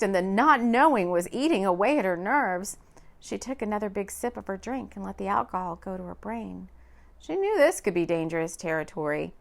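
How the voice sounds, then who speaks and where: A woman narrating a romance audiobook in an expressive, lively reading. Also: medium pitch.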